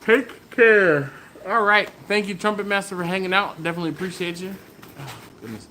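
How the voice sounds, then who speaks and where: A man's voice: high voice, fast, bright, forceful tone, slight background noise. A man hosting a casual live stream from a garage, chatting loosely, laughing often and reading viewer comments aloud. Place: warm garage beside a running smoker. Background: fan running.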